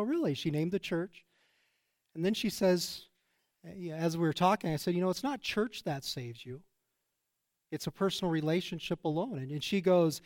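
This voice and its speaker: A man's voice: fairly high pitch, a little mellow, no room sound, studio quality. A middle-aged man, a pastor, preaching an earnest, emphatic sermon sprinkled with personal stories.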